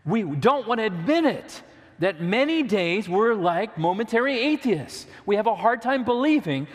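A man's voice: high voice, sing-song, normal speed, in a large hall. A man preaching a sermon, earnest and direct, asking the listeners questions and reading scripture aloud. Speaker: pastor.

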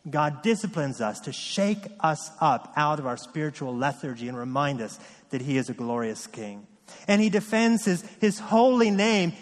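Earnest preaching man, slightly high voice. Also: big-room sound. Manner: earnest preaching with emphatic repetition. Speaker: pastor. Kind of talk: sermon.

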